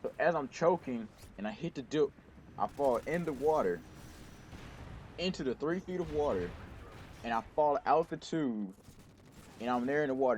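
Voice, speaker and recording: A man's voice: medium pitch, slight background noise. A young man hosting a gaming channel, casually telling a rambling personal story with lots of restarts and self-corrections.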